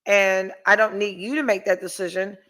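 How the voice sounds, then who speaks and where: A woman's voice: mid-range voice, fairly even intonation, moderate pace, fairly bright tone. A middle-aged woman hosting a podcast, telling a story in casual chat and reading viewer comments, blunt and profane. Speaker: podcast host.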